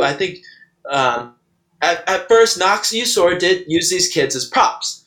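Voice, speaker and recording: A man who played baseball, co-hosting a podcast and talking about a film with many pauses and "um"s. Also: high-pitched, animated, a bit bright, poor audio. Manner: halting, frequent "um" and "uh". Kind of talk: casual movie discussion.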